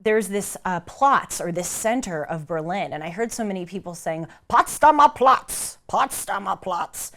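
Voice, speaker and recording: Young American woman host, lower-pitched, chatty vlog delivery that plays out the voices she quotes. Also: normal speed, hardly any pauses. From United States. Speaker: vlogger. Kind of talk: casual talk to camera.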